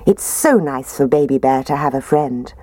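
A woman voicing a kindly mother bear in a storybook reading, gentle in manner. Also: a bass voice, lively intonation, moderate pace, no room sound.

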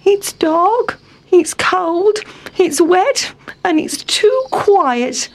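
A woman's voice: extremely high pitch, lively intonation, drawn-out words, pitched above the performer's own voice, exaggerated voice. A woman voicing a fussy, complaining male town mouse in a storybook reading, whiny and sighing.

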